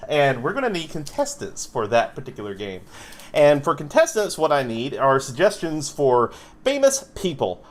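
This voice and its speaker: A male improv host who explains each game at length, filling gaps with "uh" and "you know." His pitch bounces around a great deal and sits a little high. He keeps the talk loose and chatty. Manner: lively, rambling explanations with many fillers. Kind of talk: hosting a live-streamed improv show.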